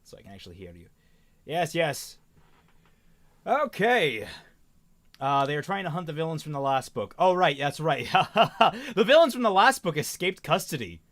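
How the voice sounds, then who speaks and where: Animated man hosting a read-along. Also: on the high side, normal speed. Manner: chatty, rambling asides with small stumbles. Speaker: host reading a novel aloud. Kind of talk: casual chat and read-aloud.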